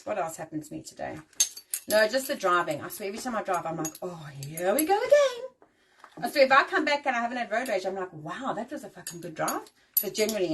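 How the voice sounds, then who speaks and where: A woman's voice: a little high, distant mic, a little hiss or hum, poor audio. A woman from Africa, hosting a casual live-stream rant and swearing freely. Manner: animated, swears freely, ranting. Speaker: host.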